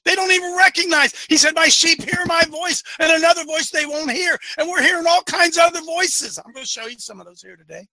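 A man preaching with fire to a live online audience, often raising his voice to a shout. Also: extremely high pitch, brisk, hardly any pauses, no room sound. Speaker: host and preacher of an online show.

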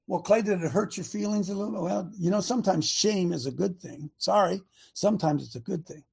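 A man hosting a radio talk show, preaching in an emphatic way with rhetorical questions and drawn-out key words. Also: high-pitched, vocal fry, husky.

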